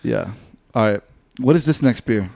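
A man's voice: mid-range voice, animated, moderate pace, creaky, a little mellow, no room sound. A young man co-hosting a podcast, chatting loosely with lots of swearing and filler words. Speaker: podcast co-host. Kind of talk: casual chat.

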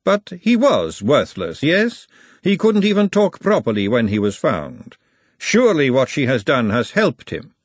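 A man's voice: medium pitch, wildly swooping pitch, unhurried, no echo. A man playing a refined, coolly clever woman. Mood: poised. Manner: precise and crisply formal. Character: refined, cool, clever middle-aged woman.

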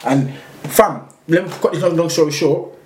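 A London-accented man, a guest on a podcast, spins a long story in casual, slang-heavy talk, rambling and animated as he retells it. His voice is slightly high and moderately paced, recorded in an echoey room with faint background noise.

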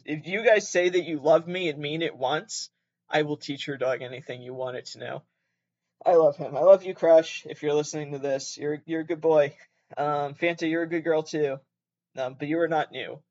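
A man's voice: a little high, lively intonation, moderate pace, dull audio. A young man from Canada with a Canadian accent, hosting a podcast in a casual, rambling way, swearing a lot and often correcting himself. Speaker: podcast host. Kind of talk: casual solo podcast chat.

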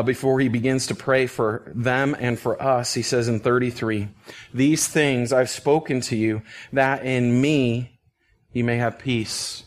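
A man preaching as a pastor, reading scripture and explaining it in an earnest, emphatic way, sometimes dropping to a hush or laughing softly. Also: mid-range voice. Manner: earnest, emphatic, with soft laughs and hushed phrases. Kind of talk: expository Bible teaching.

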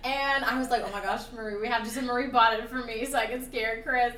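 A woman's voice: a little high, steady tone, fast, pushed and bright, roomy sound, recorded from a distance. A young woman telling a prank story in casual chat, giggling and using lots of "like" fillers.

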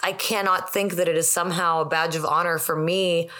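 Candid woman podcast co-host, lowish voice. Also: little pitch movement, a little fast, sharp tone. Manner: candid, rambling, many restarts. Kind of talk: casual chat.

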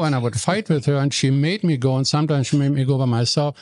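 An older man from Germany with a German accent, telling stories about his past as an interview guest in an animated, joking way. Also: medium pitch, fast talker, no room sound, studio quality. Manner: animated storyteller, jokey, self-deprecating. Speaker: guest, radio regular. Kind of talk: interview storytelling.

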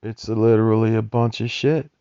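A man with a dark, gravelly voice delivers a rambling, profanity-laced monologue, agitated and wandering. The recording is dry and dull, with a lo-fi, muffled sound. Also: on the low side, flat delivery, moderate pace, no echo. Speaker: vlogger describing homeless life.

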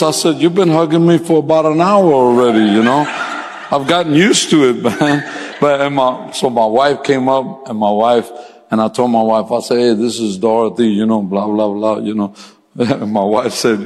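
A male pastor preaching a sermon, telling funny personal stories in a casual way, laughing often and climbing to loud, high-pitched peaks. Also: unhurried, long reverb tail, low-quality recording. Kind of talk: sermon with humorous storytelling. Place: church sanctuary.

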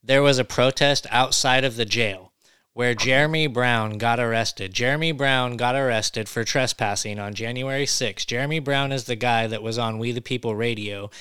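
A man's voice: medium pitch, steady tone, moderate pace, sharp tone, clean tone, no echo, clean studio sound. A man hosting a casual podcast, blunt and indignant, asking his guest pointed questions. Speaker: podcast host.

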